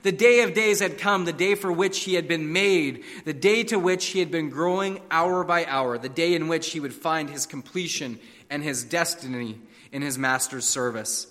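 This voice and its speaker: A man's voice: a little high, normal speed, a bit bright, long reverb tail. A man preaching a sermon, telling stories and fables with a dramatic, varied delivery. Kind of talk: sermon with storytelling.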